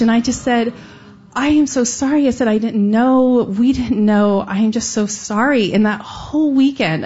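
A woman's voice: on the high side, darkish tone. A middle-aged woman from the United States telling a heartfelt personal story on stage, earnest with light laughs. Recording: dull lo-fi sound.

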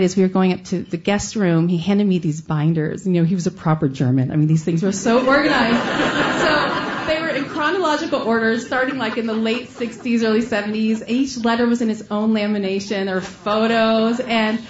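A woman's voice: on the high side, fairly quick, highs cut off, slight background noise. A woman from Texas telling a true personal story in an earnest, conversational way, now and then breaking into a laugh. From Austin, Texas, USA.

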